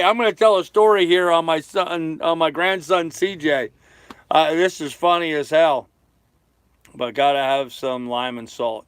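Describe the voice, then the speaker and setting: With no room sound at all, an older man's smooth, fairly bright, higher-pitched voice comes through as he sails a small boat. He's casually live streaming, reading viewers' comments and replying to them.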